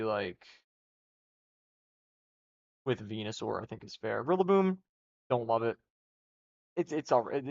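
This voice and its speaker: A young man streaming live, talking casually and rambling through rankings with restarts and swearing. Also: medium pitch. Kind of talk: casual livestream commentary. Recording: dull lo-fi stream audio.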